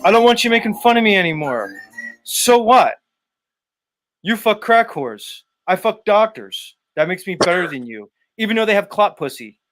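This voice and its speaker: A man's voice: high voice, sing-song, moderate pace, fairly bright tone, faint music behind. A man doing a mocking impression of a whiny, defensive, creepy man who swears a lot. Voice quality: whiny, indignant, profane.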